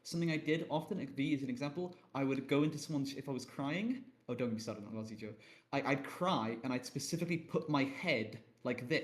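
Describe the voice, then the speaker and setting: A man chatting on a video call, mid-pitched and lively. He tells stories about his own blunders with quick bursts of energy and a self-mocking edge. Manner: animated, self-deprecating storytelling with swearing. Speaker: panelist on a roleplay Q&A stream. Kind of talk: casual chat.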